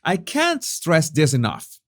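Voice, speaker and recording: A man's voice: on the high side, wildly swooping pitch, slow. A man giving a sarcastic, profane commentary monologue, often restarting his sentences. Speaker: commentary channel host.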